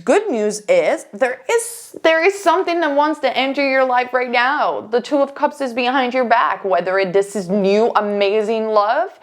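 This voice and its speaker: A woman's voice: fairly high pitch, normal speed, few pauses. A woman giving a casual pick-a-card tarot reading as a psychic, chatty and emphatic, with fillers and restarts.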